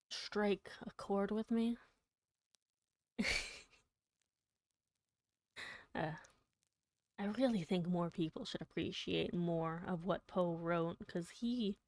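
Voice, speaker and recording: A woman streamer chatting casually on a live reading stream, soft-spoken and emotional, halting as she talks and often slipping into a whisper. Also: on the low side, no echo. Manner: halting, with many restarts and fillers.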